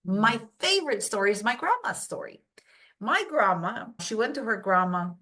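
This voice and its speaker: A woman from Poland, a brain health coach, telling stories as a podcast guest and acting out quoted voices. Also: normal speed. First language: Polish. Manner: animated storytelling, acts out quotes in high voices. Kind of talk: casual podcast interview.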